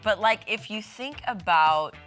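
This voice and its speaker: A woman co-hosting a casual chat segment on a local TV show, talking in a lively, chatty way. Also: medium pitch, measured pace. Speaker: TV show co-host. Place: TV studio. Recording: faint music behind.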